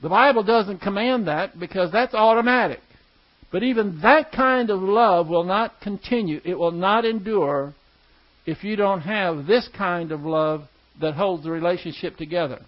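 High-voiced man preaching a sermon. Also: lo-fi sound. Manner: teaching, emphatic with slow stressed words. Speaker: pastor.

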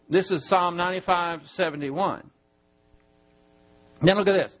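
Male pastor, high voice, verse-by-verse sermon in church, muffled low-fi recording. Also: lively intonation, slightly rough. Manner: teaching Bible verses, spelling out Greek words slowly.

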